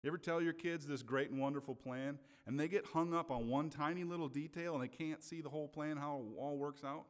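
A man's voice: fairly high pitch, brisk, hardly any pauses. A man preaching a sermon in a conversational way, often checking in with his listeners. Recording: long hall reverb.

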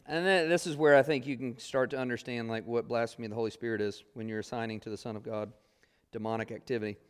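A man's voice: mid-range voice, clear, resonant tone. A man teaching a Bible class, reading scripture aloud and explaining it in a conversational way with many fillers.

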